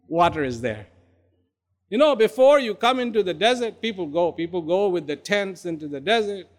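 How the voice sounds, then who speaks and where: A man gives an inspirational talk in a high voice that swoops widely up and down. He is emphatic, repeats key words and leans on dramatic pauses. A long reverb trails each phrase, as in a large hall. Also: big pitch swings. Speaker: speaker.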